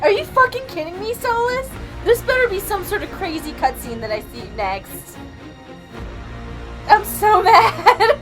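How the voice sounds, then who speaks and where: A woman co-hosting a game let's play, reacting in an exasperated, profane, animated way. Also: extremely high pitch, normal speed, hardly any pauses, music in the background. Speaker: gamer co-host.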